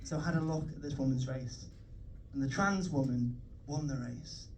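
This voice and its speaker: A man's voice: mid-range voice, normal speed, slight background noise. A young man with a Liverpool accent doing a swearing, self-mocking stand-up set on a comedy club stage. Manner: swearing, self-mocking, chatty crowd work. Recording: live club mic heard from a distance. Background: audience laughter.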